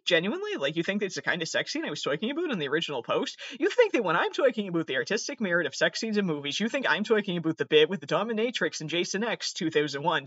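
A man's voice: high voice, a bit bright, no echo, dull audio. Nasal, exasperated man hosting a podcast. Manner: sardonic, exasperated, swears often. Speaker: podcast host. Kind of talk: solo podcast monologue.

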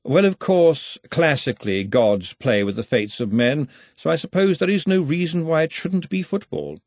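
A man voicing a smooth, calculating male ruler who speaks slowly and precisely. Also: on the high side, lively intonation, darkish tone, dry recording, voice pushed up. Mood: silky. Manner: slow, silky, precise.

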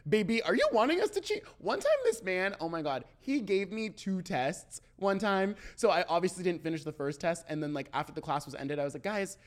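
Young male podcast co-host, quick and animated, playful gossip delivery. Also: on the high side. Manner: fast, animated storytelling, playful. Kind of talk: casual pop culture chat.

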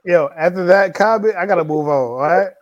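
A young man co-hosting a casual chat, answering with flat refusals and short quips. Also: sits high, a little fast, muffled recording. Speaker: podcast co-host.

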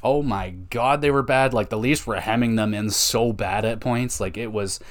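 A young man with a somewhat low voice hosts a casual sports podcast. He rambles excitably, swears freely and drops "dude" and "man" everywhere. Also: moderate pace. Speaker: podcast host.

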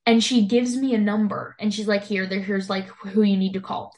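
A woman's voice: mid-range voice, moderate pace. Young woman, casual chatty storyteller, voices the people in her story, lots of "like". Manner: animated storytelling, heavy use of "like", acts out quoted lines. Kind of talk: casual chat.

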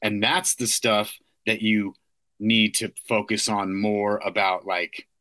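A man's voice: fairly low pitch, level tone, slow, sharp tone, dry recording. A man co-hosting a casual podcast, talking in a profane way and often asking "you know what I mean". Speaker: co-host. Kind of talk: casual chat.

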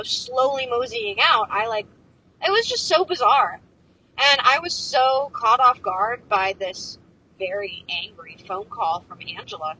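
A woman's voice: on the high side, pushed and bright, poor audio. Chatty, exasperated young woman in a car. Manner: rambling and exasperated, heavy with fillers and swearing. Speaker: vlogger. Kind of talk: casual storytelling vlog. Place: inside a moving car. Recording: faint car engine noise. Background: faint road and vehicle noise.

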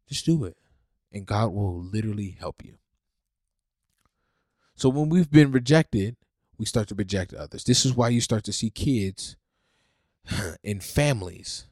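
Male podcast preacher, fervent, loud peaks to soft pleas, dry close sound. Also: lowish voice, normal speed, long pauses, no echo. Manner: fervent, swings from loud preaching to hushed pleading. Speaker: podcast host.

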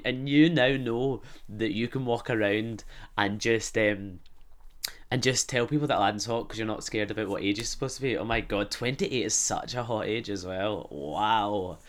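A young Glaswegian man chats away on his podcast, swearing freely and rambling from one joke to the next. His voice sits a little low, and he giggles at his own stories. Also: moderate pace, fairly bright tone. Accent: Glaswegian Scottish. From Scotland. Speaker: podcast host. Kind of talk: casual comic chat.

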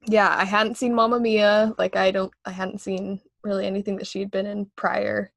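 A woman's voice: mid-range voice, flat delivery, moderate pace, creaky, fairly bright tone, no room sound. A young woman hosting a casual film podcast, gushing about a film, laughing often and filling her talk with "like". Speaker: podcast host.

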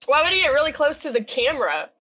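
A woman's voice: sits high, big pitch swings, fast, bright, forceful tone. A woman chatting playfully and giggling as a guest on a podcast over a video call. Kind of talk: casual chat.

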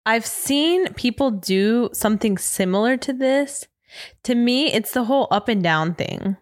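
A woman co-hosting a podcast, chatting candidly and giggling, quick to react with disbelief. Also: fairly high pitch, expressive, no room sound, clean studio sound. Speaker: podcast co-host. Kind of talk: casual chat.

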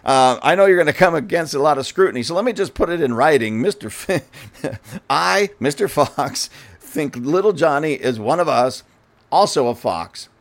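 A man's voice: fairly high pitch, expressive, moderate pace. A man voicing a folksy male fox who writes a mock-official note, chuckling as he goes.

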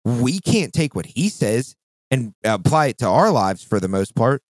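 A man co-hosting a casual podcast, talking with a lively, swinging pitch and breaking into exaggerated mock voices. He swears freely and keeps it loose. The sound is close and dry, with no room around it. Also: normal speed, no room sound. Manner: animated, swearing, mimics voices with big pitch jumps. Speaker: podcast co-host.

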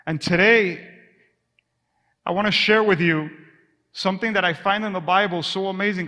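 A high, bright male voice preaches a sermon, calling out questions for the congregation to answer. He tells everyday stories with playful acted asides and sinks to a soft hush on quiet words. A long hall reverb trails behind him. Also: moderate pace. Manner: call-and-response preaching, drops to a hush on "whisper"; energetic storytelling with acted asides. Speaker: pastor.

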